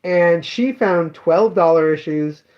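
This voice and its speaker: A man's voice: a little high, takes it slowly, muffled recording. A man who runs a comic shop, telling customer stories in a casual, rambling way with many fillers and self-corrections. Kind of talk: casual spoken daily update.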